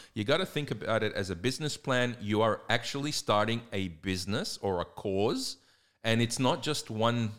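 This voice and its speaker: A man's voice: lowish voice, a bit bright. A man with an Australian accent co-hosting a casual podcast, giving blunt, direct advice. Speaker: podcast co-host.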